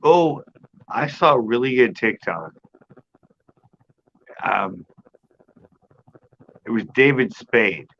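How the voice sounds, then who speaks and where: A man in casual chat who tells stories in an animated way, laughs a lot and swears freely. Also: medium pitch, takes it slowly, vocal fry, pauses often, dull audio. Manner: chatty, laughs often, animated storyteller, swears. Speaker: channel host.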